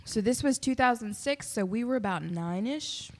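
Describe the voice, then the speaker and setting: A woman in her late twenties co-hosting a casual podcast, excitable, giggly and slangy. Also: fairly high pitch, normal speed. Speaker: podcast co-host. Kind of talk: casual chat.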